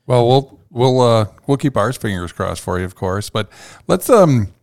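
Gravelly-voiced male podcast host. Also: fairly low pitch, moderate pace, darkish tone. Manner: rambling, many restarts when asking questions. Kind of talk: casual interview chat.

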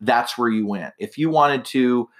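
A man's voice: mid-range voice, unhurried. A man hosting a casual solo podcast, chatting in a rambling way with many fillers and restarts, a little tipsy and slightly slurring. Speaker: podcast host.

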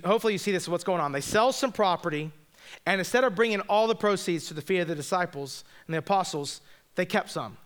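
A man's voice: high-pitched, fairly bright tone, smooth. A man preaching a sermon in a conversational, joking way, speaking straight to the congregation. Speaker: pastor.

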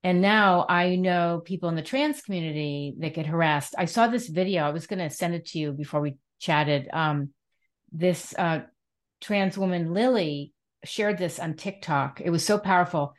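A woman hosting an interview, telling stories in an animated, supportive way. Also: lowish voice, normal speed. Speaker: host. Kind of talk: conversational interview.

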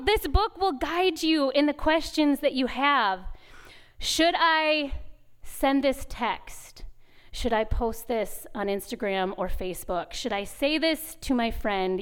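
High, clear-voiced woman giving a chapel talk. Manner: animated storytelling, acts out dialogue; laughs often, candid and confessional. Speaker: women's retreat speaker. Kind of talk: conversational devotional talk. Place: chapel at a retreat.

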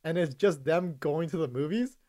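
A young man co-hosting a podcast, rambling through casual chat, full of fillers and quick laughs. His voice sits a bit high for a man, and it is recorded close and dry. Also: mellow, no echo.

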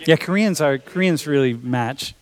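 A male instructor jokes with his students, throwing around "dude" and "bro" in a loose, playful classroom manner. His voice sits a little high for a man. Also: moderate pace, a little hiss or hum. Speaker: college instructor. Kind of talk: casual classroom banter. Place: lecture classroom.

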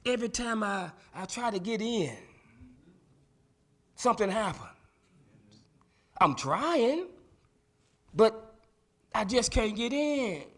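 A man's voice: sits high, expressive, takes it slowly, pauses often, heavily acted. A male preacher voicing a weary sick man who pleads and stammers about his failed tries to be healed. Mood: pleading.

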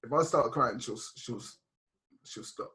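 A man's voice: medium pitch, a little slow, sharp tone. A young man guesting on a podcast, talking openly and reflectively about arguments with his girlfriend, with many restarts. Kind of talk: casual podcast chat.

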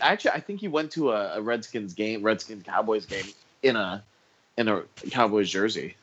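Laid-back male podcast co-host, fairly low voice, slightly muffled lo-fi sound. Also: animated, fairly quick, a bit bright, a little hiss or hum. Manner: laid-back, chuckling, interjecting. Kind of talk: casual sports chat.

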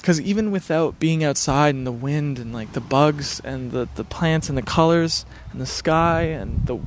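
A man's voice: on the high side, moderate pace, a little hiss or hum. A man in a casual vlog, talking to camera at home near his backyard, rambling in an earnest, laid-back, spiritual way with many fillers. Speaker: vlogger.

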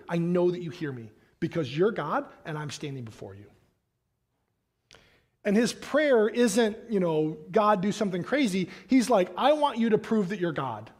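A pastor with a high-pitched voice reads scripture and then preaches in a loose, animated, conversational manner. He talks to the congregation like a friend, with quick casual asides. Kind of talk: sermon.

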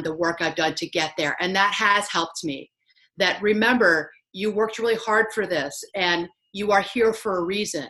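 Bright, reassuring woman giving advice. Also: medium pitch, poor audio. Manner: reassuring, explanatory. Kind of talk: conversational advice.

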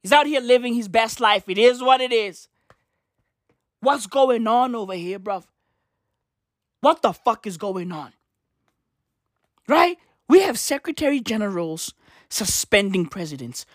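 A man's voice: high voice, unhurried, long pauses, no echo, studio quality. A man with a South African accent giving a profane, exasperated comedic rant full of slang. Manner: animated, exasperated, slangy, frequent laughter. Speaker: comedic commentator.

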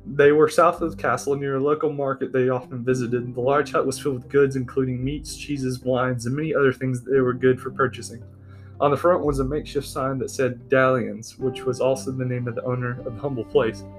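Male storybook narrator, mid-pitched, steady delivery, soft guitar behind. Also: fairly quick, rough recording. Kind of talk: storybook reading. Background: faint guitar music.

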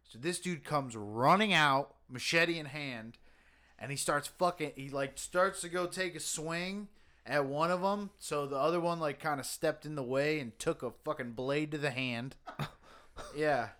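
A man with a smooth, resonant voice tells an odd news story in loose podcast chat. He rambles through it with fillers and the odd curse, reading and riffing as he goes. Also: a little high, unhurried, bright, forceful tone. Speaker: podcast co-host. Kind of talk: casual chat, reading news stories aloud.

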